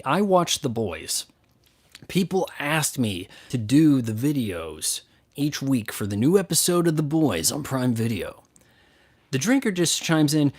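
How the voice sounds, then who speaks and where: Blunt sarcastic man ranting. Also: medium pitch. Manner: blunt, sarcastic, mocks others with put-on voices. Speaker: YouTube movie and game critic answering questions. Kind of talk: casual profane Q&A rant.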